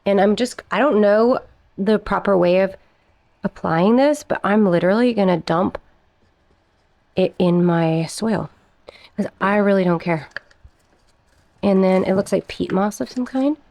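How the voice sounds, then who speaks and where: A woman's voice: mid-range voice, unhurried, vocal fry, long pauses, dry recording. A young woman chatting casually in a plant care vlog, a little out of breath and giggling now and then. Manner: chatty, giggly, talks softly to her plants. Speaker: plant vlogger.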